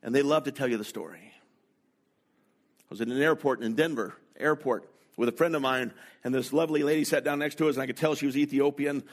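A middle-aged man from North America preaching a sermon, telling personal stories slowly and deliberately. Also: mid-range voice. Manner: slow, deliberate, anecdotal delivery. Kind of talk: sermon storytelling.

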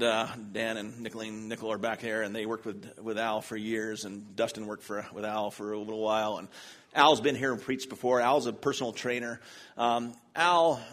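A man's voice: on the low side, a bit bright. A man from the US South preaching a sermon in church, telling self-deprecating stories with humor. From Charlotte, North Carolina, US. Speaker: pastor. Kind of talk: sermon with personal storytelling.

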